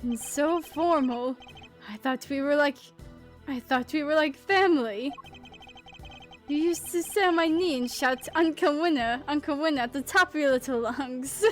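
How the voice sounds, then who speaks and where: Game read: woman voicing a fond, teary old chairman, theatrical and high. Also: moderate pace, faint music behind, lightly acted. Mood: doting. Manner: sentimental, theatrical. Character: doting elderly man, sentimental chairman.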